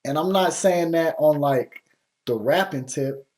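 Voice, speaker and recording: A slightly higher-voiced man hosting a beat-review show. He is blunt and slangy and swears freely, but keeps encouraging the producer he critiques in casual commentary. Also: a little slow, a little mellow. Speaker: music producer host giving feedback on beats.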